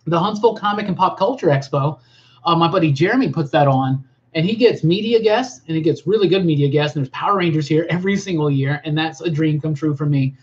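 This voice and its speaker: A fairly high-voiced man chats eagerly through a live stream, piling on "um"s and "like"s as he answers viewers. He sounds excited and a bit scattered. The audio is dull and lo-fi. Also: quick pace. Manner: rambling, enthusiastic, lots of fillers. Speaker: live-stream host reading chat. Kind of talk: casual live-stream chat.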